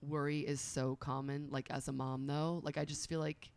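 Low-voiced woman reading cards. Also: level tone, moderate pace, darkish tone, smooth. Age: 30s. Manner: chatty, many "like" fillers, upbeat. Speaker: tarot and oracle card reader. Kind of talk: casual chat and card reading.

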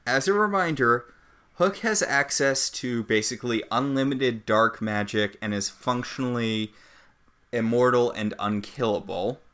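A man's voice: on the low side, fairly bright tone. A man co-hosting a podcast, recapping a TV episode in casual chat, with dry, wry commentary. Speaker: podcast co-host.

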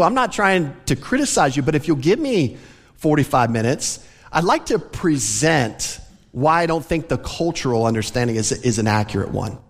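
A man's voice: fairly high pitch, in a large hall. A man preaching a sermon as pastor, from the American South, speaking earnestly and conversationally with light laughs. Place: church sanctuary.

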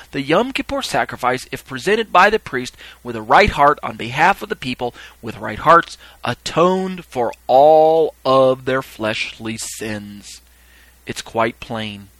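A man reading scripture aloud and teaching on it, stressing key words slowly and breaking off into halting asides. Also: mid-range voice, very animated, bright, forceful tone, no room sound, poor audio. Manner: halting asides with fillers and restarts. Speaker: Bible teacher.

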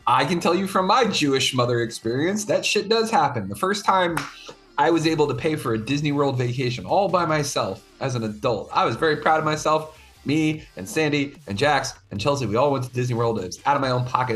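A man chatting casually on a podcast, animated and swearing as he tells a personal story. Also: fairly high pitch, fairly quick, faint music behind. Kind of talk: casual chat.

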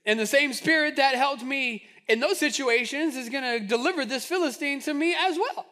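A bold teenage shepherd boy, eager and sure of himself, as a preacher acts him out. His voice is very high and bright, with a sharp, lively edge. He tells of his feats with cheerful confidence. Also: moderate pace. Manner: eager, boastful storytelling.

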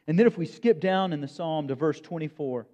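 A man preaching a sermon in a measured, emphatic way, with dramatic pauses. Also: a little high, mellow. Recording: long reverb, dull lo-fi sound.

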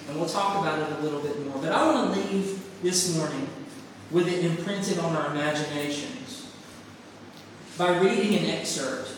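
A man's voice: on the high side, fairly bright tone, slight background noise. A man preaching a sermon and reading a story aloud, speaking earnestly in short, emphatic phrases. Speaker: pastor. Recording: echoey hall from far off.

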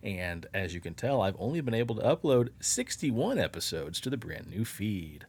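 A man's voice: fairly low pitch, big pitch swings, normal speed, darkish tone, slightly rough. A man co-hosting a podcast in a loose, rambling, profane way, upbeat and chatty. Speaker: podcast co-host. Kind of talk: casual podcast chat.

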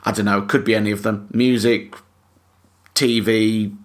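A man's voice: fairly low pitch, level tone, moderate pace. A man hosting a casual podcast chat, joking and rambling with many ums. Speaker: podcast host.

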